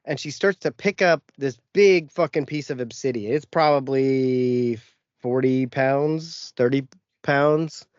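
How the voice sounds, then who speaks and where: A man's voice: medium pitch, slow, clear, resonant tone, no echo. Profane man telling a story, lo-fi. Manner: profane, animated anecdote with acted-out quotes. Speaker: podcast host. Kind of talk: casual storytelling chat. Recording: dull lo-fi podcast audio.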